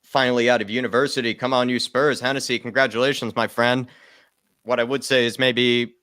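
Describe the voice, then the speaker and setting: A man with an Irish accent hosting a live fan stream, chatty and quick to laugh. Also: medium pitch, little pitch movement, bright, forceful tone, no echo. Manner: fast, chatty, laughs easily. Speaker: host.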